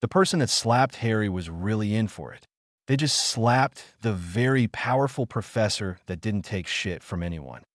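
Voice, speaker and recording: A man reads a story script aloud, his lowish voice rising and falling a lot. The recording is dry, with no room sound. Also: expressive, normal speed, dry recording. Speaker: narrator. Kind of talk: scripted fan-fiction narration.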